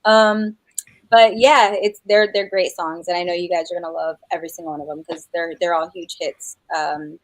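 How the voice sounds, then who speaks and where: In a dry, low-quality recording, a middle-aged singer from New Mexico chats as a guest in a casual interview. Her fairly low voice stays level at normal speed as she rambles with plenty of fillers and restarts, laughing easily.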